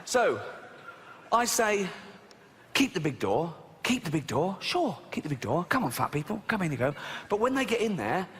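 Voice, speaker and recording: High, lively man doing stand-up. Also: moderate pace, long reverb tail, a little hiss or hum. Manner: animated, mocking, swearing, acts out voices. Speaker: stand-up comedian. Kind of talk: stand-up routine.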